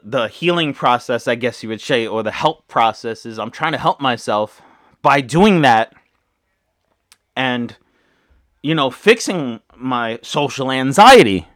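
A man's voice: medium pitch, a bit bright, dry recording, clean studio sound. A man hosting a podcast, a father talking in an earnest, rambling and emotional way in a casual monologue. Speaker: podcast host.

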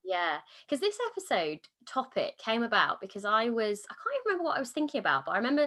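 A woman's voice: a little high, very animated, pushed and bright. Upbeat chatty woman podcast host. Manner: upbeat, enthusiastic, quick and chatty. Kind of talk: casual chat.

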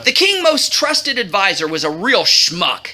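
A woman's voice: mid-range voice, very animated, measured pace, sharp tone, slight background noise. A woman telling a comic storybook tale to a young audience, playful and jokey, teasing her listeners.

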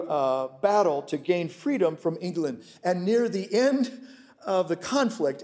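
A man delivers a sermon in a high, light voice. He preaches with emphatic declarations. Then he drops to a quiet, intimate storytelling tone. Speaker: pastor.

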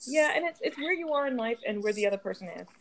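A woman's voice: a little high, animated, fast, slight background noise. A woman around forty, a podcast co-host in casual chat, telling stories and acting out other people's lines. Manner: chatty storyteller, acts out quotes.

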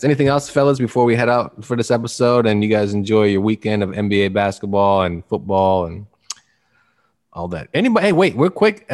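A man hosting a casual podcast, rambling and joking with his co-hosts. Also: mid-range voice. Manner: rambling, joking, restarts a lot. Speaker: podcast host.

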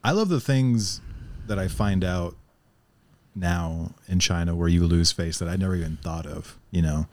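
A man's voice: sits low, normal speed, a little mellow. A man in casual chat, rambling and profane, laughing often and telling stories about life in China. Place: lives in China.

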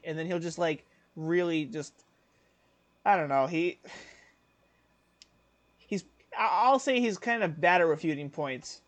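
A young man co-hosting a casual podcast, rambling with lots of fillers and breaking into loud impressions. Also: on the high side, a little slow, pauses often, dry recording. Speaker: podcast co-host.

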